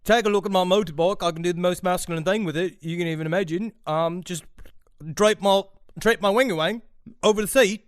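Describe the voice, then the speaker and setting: A man's voice: sits high, a little fast, smooth, no room sound, close to an everyday voice. A man putting on a wobbly Yorkshire accent to play a boastful man showing off his motorbike, over the top and slipping between accents. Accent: Yorkshire, put on and wobbly. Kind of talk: comedy bit in a podcast.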